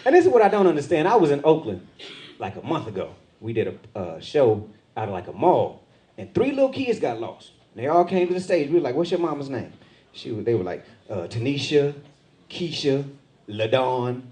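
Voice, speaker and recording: A middle-aged man doing stand-up comedy on a club stage with a handheld mic, jumping into loud, high voices when he acts out other people. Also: huge pitch swings, a little fast. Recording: live club with loud crowd laughter.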